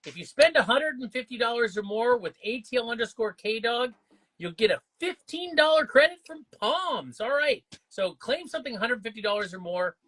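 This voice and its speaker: A man hosting a live comic book sale stream, upbeat and full of quick banter. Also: very high voice, expressive, a bit bright. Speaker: livestream auction host. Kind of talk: live sales stream chatter.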